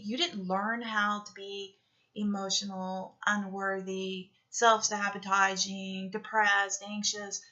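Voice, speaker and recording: A woman speaks in a motivational talk that drifts into guided meditation. She coaches earnestly and repeats herself for emphasis. Her voice is bright and forceful, and the recording sounds dull and lo-fi. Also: fairly high pitch. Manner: earnest, repetitive coaching, frequently asks "okay?".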